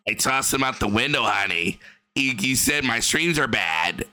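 Casual impression by a man of a lonely, gloomy streamer, mock-cheerful, crisp. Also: mid-range voice, expressive, normal speed, bright, forceful tone, pitched below the performer's own voice, rough recording. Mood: flat. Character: gloomy lonely adult male streamer talking to his cat.

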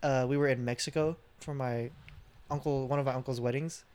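A man's voice: medium pitch, fairly even intonation, fairly quick, darkish tone, smooth. A young man co-hosting a casual podcast, in the middle of a story. He talks loosely and laughs often as he recounts things from his childhood. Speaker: podcast co-host. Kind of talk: casual chat.

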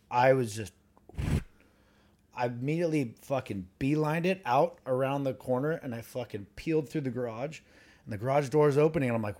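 A man's voice: mid-range voice, brisk, darkish tone. A man in his thirties, co-hosting a podcast, telling a story in casual chat, swearing heavily and laughing as he goes. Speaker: podcast co-host.

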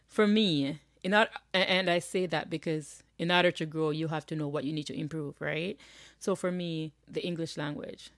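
A woman's voice: deep voice, steady tone, normal speed, no room sound, clean studio sound. A woman from rural Jamaica with a Jamaican accent, hosting a podcast in a chatty, frank way with frequent tag questions. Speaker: podcast host. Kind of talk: casual podcast monologue.

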